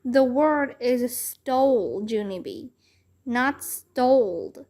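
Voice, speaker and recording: A woman voicing a strict but patient male schoolteacher who corrects grammar slowly and firmly in a children's book read-aloud. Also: sits high, lively intonation. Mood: correcting. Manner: slow, correcting, measured. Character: strict patient male first-grade teacher.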